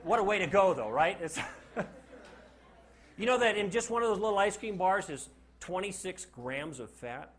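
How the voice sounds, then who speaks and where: Animated, high-voiced male lecturer. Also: normal speed. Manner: animated, joking, asks the class rhetorical questions. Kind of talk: classroom lecture. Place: classroom with a live audience.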